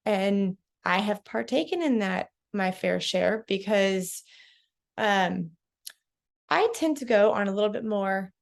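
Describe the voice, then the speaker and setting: Direct woman with a gravelly edge. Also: medium pitch. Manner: direct, conversational, self-reflective. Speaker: vlogger. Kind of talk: casual advice talk to camera.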